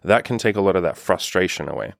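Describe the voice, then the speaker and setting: Low-voiced blunt male dating coach. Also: expressive, fast talker, gravelly, no room sound, studio quality. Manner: blunt, profane, lots of "like" fillers. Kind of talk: casual monologue advice.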